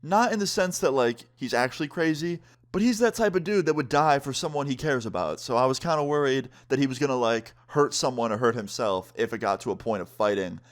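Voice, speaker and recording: A man's voice: medium pitch, a little fast. A young man telling a casual storytime as a vlogger, chatty, full of fillers, acting out what others said. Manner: acts out quotes of others.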